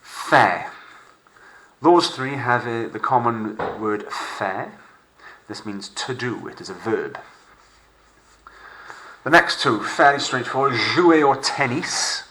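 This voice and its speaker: A man teaching a remote language lesson, modelling phrases slowly and clearly for pupils to repeat. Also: medium pitch, expressive, pushed and bright, low-quality recording. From Wales.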